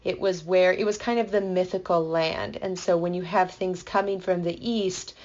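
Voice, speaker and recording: A woman explaining a Bible passage in a playful, enthusiastic way, building excitement as she goes. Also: lowish voice, moderate pace, highs cut off. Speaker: Bible teacher. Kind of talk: explanatory podcast talk.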